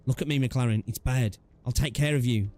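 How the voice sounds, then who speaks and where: A resolute young woman pushing through a burning street to save a friend, read aloud by a man. She speaks in an even, mid-pitched voice that grows urgent. It sounds like a game story read straight off the screen. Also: brisk, soft background music, lightly acted. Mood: soothing. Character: determined young woman rescuer.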